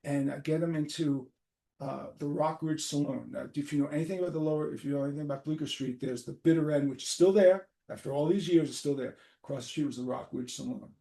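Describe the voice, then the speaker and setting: Older new york guy, gravelly dark voice, telling stories loud and swearing, does everyone's voices. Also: a little high, quick pace. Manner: animated, swears freely, acts out quoted voices. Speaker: podcast host. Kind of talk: casual storytelling. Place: apartment.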